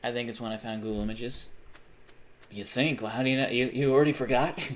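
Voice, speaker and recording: A young man's medium-pitched, steady voice comes a little fast as he live-streams a game. Chatting casually, he reads viewer messages aloud, wanders off topic, and swears a lot.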